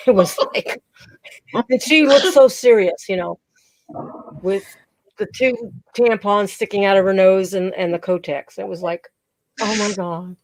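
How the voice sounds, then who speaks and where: A woman's voice: mid-range voice, darkish tone, no room sound, poor audio. A middle-aged woman hosting a livestream, chatting casually and telling bawdy stories with frequent laughter. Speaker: livestream host. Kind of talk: casual joke-telling chat.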